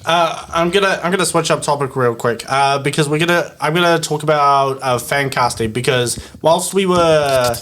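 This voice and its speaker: A man, hosting a loose podcast chat at a middling pitch. He hesitates a lot, filling gaps with "um" and "like" as he moves things along to the next topic. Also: moderate pace, few pauses, fairly bright tone. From New Zealand. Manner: hesitant, many fillers, steers topics. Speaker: podcast host. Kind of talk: casual chat.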